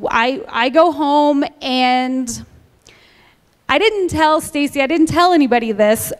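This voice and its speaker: High-voiced woman sharing her testimony in church. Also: in a large hall. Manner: lively storyteller who acts out the dialogue. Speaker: church member giving a testimony. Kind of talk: personal testimony told to a congregation.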